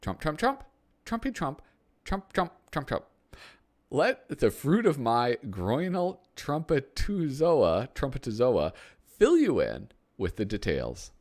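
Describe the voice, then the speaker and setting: Man doing a pompous old tycoon, boastful, voice pushed high, swooping. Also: wildly swooping pitch, takes it slowly, a little mellow, exaggerated voice. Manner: pompous, repeats his own name. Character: boastful older male tycoon, self-obsessed and pompous.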